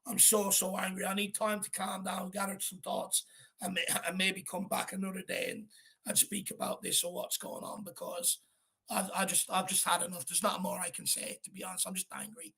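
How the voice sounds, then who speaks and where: A man's voice: high voice, big pitch swings, a little fast, creaky, bright, forceful tone, husky. A man hosting a live football fan chat, angry and blunt, swearing as he vents. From Ireland. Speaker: fan channel host.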